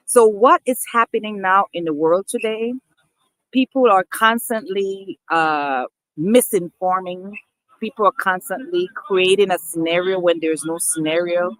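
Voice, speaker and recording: A woman with a lowish voice vlogs casually to camera, earnest and emphatic as she speaks to her viewers as people. She repeats herself and restarts phrases. The recording has no room sound and is rough.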